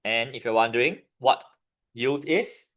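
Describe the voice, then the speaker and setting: A chemistry tutor with a Singaporean English accent teaches a revision class, questioning students as he goes and pausing for their answers. His mid-range voice is a bit bright.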